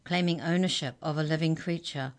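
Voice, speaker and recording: A woman's voice: low voice, fairly even intonation, a little fast, close to an everyday voice. A woman voicing a stern female hex checker official, cross and commanding, in a children's storybook reading.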